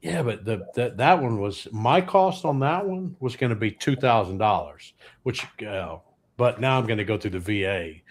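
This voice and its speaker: A man's voice: mid-range voice, animated, normal speed. A man, a guest comedian telling rambling anecdotes with dry punchlines. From Louisiana, US. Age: 60s. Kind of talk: comic storytelling on a podcast.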